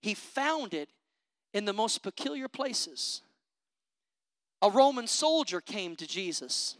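A preacher delivers an impassioned sermon at a slow pace with big pitch swings, calling out for amens. He alternates loud declarations with low conversational asides, and there is no echo.

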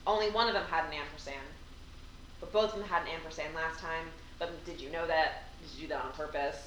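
A woman's low, slightly bright voice moves fast as she reads poems aloud in a casual co-hosted chat. She's playful, teasing her friend and laughing a lot, recorded in an echoey room on a somewhat distant mic with faint hiss.

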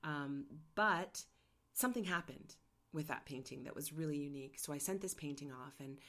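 A woman's voice: low voice, moderate pace, a bit bright. A middle-aged woman, an artist hosting her own show, telling a personal story candidly and getting emotional. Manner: candid, emotional, gets choked up. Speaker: podcast host and artist.

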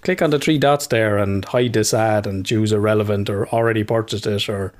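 A man's voice: lowish voice, fairly even intonation, brisk, a little mellow. An Irish man in casual chat who jokes, swears and laughs a lot.

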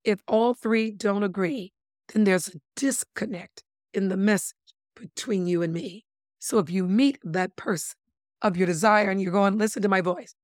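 A woman's voice: medium pitch, unhurried, no echo. Emphatic woman explaining, dry close sound. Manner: animated, emphatic, playful wordplay; calls listeners "my lovelies". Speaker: body language expert guest. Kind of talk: casual interview chat.

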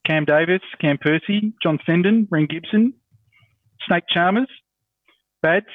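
A man's voice: high voice, measured pace, no echo. A man co-hosting a podcast, talking in an offbeat, joking way over a remote call. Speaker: podcast co-host. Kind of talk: casual podcast chat. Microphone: remote video call. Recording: tinny distant call audio.

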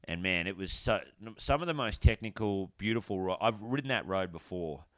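Laid-back Australian man, lowish voice. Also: lively intonation, normal speed, a bit bright, no room sound, clean studio sound. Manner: laughs often, encouraging, blokey. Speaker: podcast co-host. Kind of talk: casual chat.

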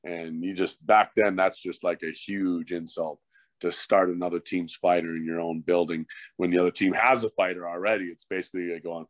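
A man's voice: low-pitched, moderate pace, dry recording. A middle-aged man, a former hockey fighter turned coach, telling stories in a casual, profane podcast chat. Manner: profane, animated storyteller.

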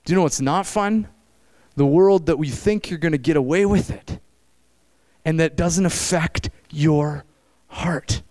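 A middle-aged man preaching at a camp meeting, animated, shifting between loud exclamations and low, intense stretches. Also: a little slow. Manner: acts out quoted voices. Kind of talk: sermon.

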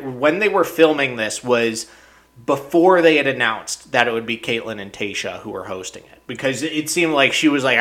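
A young man hosting a podcast, chatting casually and swearing often, with incredulous rants that jump up in pitch. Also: fairly bright tone. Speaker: podcast host. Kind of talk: casual recap chat.

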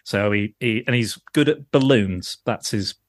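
A man in his adult years, a child of the nineties, co-hosts a podcast with a voice on the low side and a slightly slow delivery. The recording is dry. His casual talk wanders, and he's self-deprecating, swearing and laughing often.

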